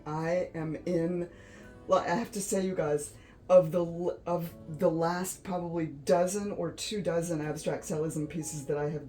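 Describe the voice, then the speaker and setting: A tired woman vlogger chats late at night, gushing and giggling in awe at her own painting. Her voice sits low and mellow. Faint music plays behind her. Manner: gushing, giggly, easily awed. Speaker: art vlogger. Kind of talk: casual chat to viewers.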